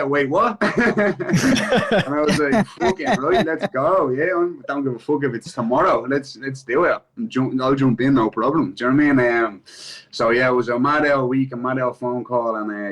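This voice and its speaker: Heard through poor-quality audio, this man is an MMA fighter with an Irish accent and a bright, mid-range voice. In a casual interview he curses freely and keeps saying "do you know what I mean" between his thoughts.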